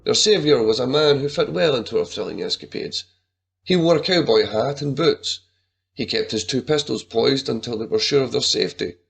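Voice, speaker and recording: A man reads an adventure story with dramatic flair. His pitch moves a lot and his voice has a gravelly texture. A faint music bed plays underneath. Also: normal speed. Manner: lively, dramatic reading. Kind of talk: scripted narration of an adventure story.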